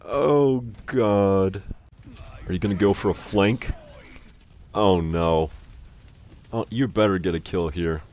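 A man's voice: sits low, steady tone, slow, long pauses, darkish tone. A young man casually commenting on someone else's gameplay, exasperated, swearing and laughing often.

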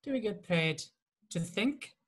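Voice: medium pitch, animated, measured pace. Quelqu'un qui joue un chef de tueurs froid et sec. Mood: sarcastic. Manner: clipped, dismissive. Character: cold, curt boss of hired killers.

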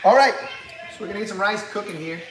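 A man with a Cajun Louisiana accent that blends in a New Orleans twang talks loosely to his live cooking viewers. His voice sits a little high for a man. He rambles and restarts his sentences, filling the gaps with easy asides. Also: brisk. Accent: Louisiana Cajun, mixed with New Orleans. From Louisiana, USA. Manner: rambling, chatty, many restarts and fillers. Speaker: cooking livestream host. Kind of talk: casual chat on a livestream.

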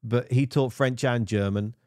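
A man's voice: medium pitch, unhurried, a little mellow, no room sound, studio quality. A man reviewing music videos in casual screen-share commentary, rambling and poking fun at himself. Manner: rambling and self-mocking.

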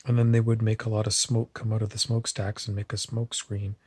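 A man's voice: lowish voice, level tone, a little fast, a little mellow, no room sound. A man telling meandering, digressive stories in a casual monologue to camera. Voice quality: husky.

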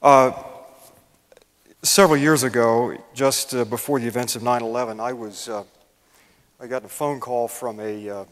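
A man's voice: mid-range voice, fairly even intonation, normal speed, long pauses, a bit bright. Older man lecturing in a reverberant hall. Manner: folksy, self-deprecating storyteller with many fillers. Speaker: guest lecturer. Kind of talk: public lecture with humor.

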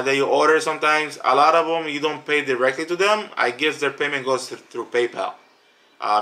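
A man giving a casual product review on a family channel, talking in an emphatic, animated way and repeating words for stress. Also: medium pitch.

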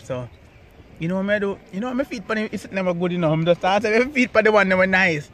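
A young Jamaican man casually telling the story of how he met his partner, animated and jumping high when he quotes himself. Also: fast, a little hiss or hum. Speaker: vlog co-host telling a couple's story.

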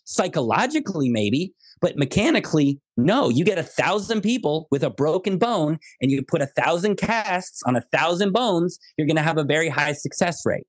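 Animated American man telling jokey stories. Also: a little high, moderate pace, few pauses, no room sound. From United States. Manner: animated, jokey storytelling with quoted asides. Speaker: guest. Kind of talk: podcast interview.

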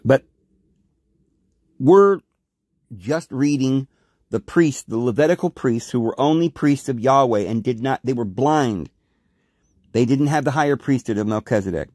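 A man's voice: medium pitch, measured pace, long pauses, dry recording. Man, podcast host, scripture reading with commentary, rhetorical, dry sound. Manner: animated, rhetorical questioning.

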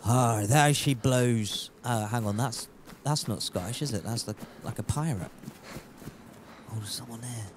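A man's voice: medium pitch, moderate pace, long pauses, slight background noise. A man casually commentating his gameplay, rambling and joking as he chats with viewers. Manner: rambling, jokey, chatty with viewers. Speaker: game streamer.

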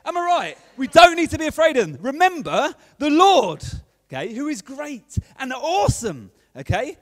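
A man playing a biblical leader who rallies armed defenders on a city wall in a rousing, shouted speech. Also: very high-pitched, wildly swooping pitch, moderate pace, no room sound, long reverb tail, voice pushed up, exaggerated voice.

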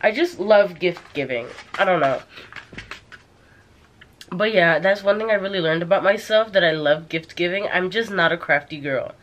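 A woman's voice: on the low side, normal speed, dull audio. A young woman at home, vlogging casually to a handheld camera held at arm's length, chatty and confiding and full of fillers. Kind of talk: casual vlog chat to camera. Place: at home indoors.

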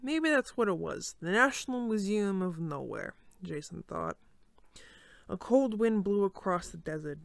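A woman's voice: medium pitch, animated, unhurried, creaky, no room sound. Easygoing skeleton storyteller, woman in the role, stutters and restarts, dry close sound. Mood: calm. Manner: stumbling, frequent restarts and stutters. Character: laid-back male skeleton reading a bedtime story. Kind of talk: listener role-play bedtime reading.

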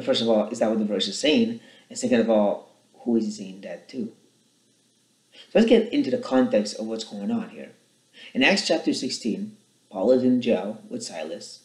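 A man's voice: echoey room, low-quality recording. Earnest man explaining a Bible verse. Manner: earnest, rises in pitch and volume when reading scripture aloud. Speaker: Bible teacher. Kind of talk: short Bible teaching talk.

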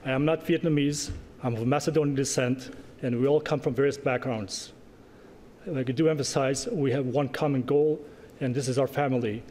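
A man's voice: mid-range voice, steady tone, dark tone. Earnest man giving a speech in a hall. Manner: earnest, with pauses and asides. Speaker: award presenter, organization president. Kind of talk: speech at an awards gala. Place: large banquet hall. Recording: echoey banquet hall with faint noise.

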